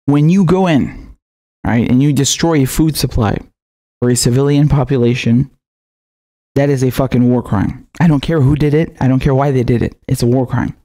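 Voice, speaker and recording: A man's voice: mid-range voice, moderate pace, mellow. A man hosting a political commentary show, ranting with anger and heavy swearing, often stammering and restarting. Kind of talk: heated video commentary.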